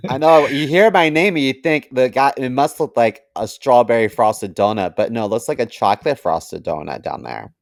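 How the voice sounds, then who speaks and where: A man co-hosting a comedy podcast, telling crude jokes in a deadpan way with many fillers. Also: medium pitch, moderate pace, gravelly, few pauses, no room sound. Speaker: podcast co-host. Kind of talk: crude casual podcast banter.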